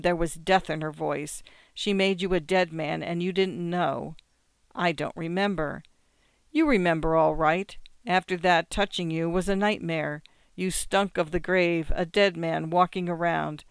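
A storyteller voicing a bitter, accusing wife in a short story, with a sharp delivery. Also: medium pitch, measured pace, creaky, clear, resonant tone, no echo.

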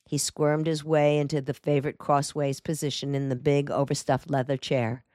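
A woman reading a detective novel aloud in a measured, even storytelling manner. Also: sits low, no room sound, studio quality. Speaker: audiobook narrator. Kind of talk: scripted narration.

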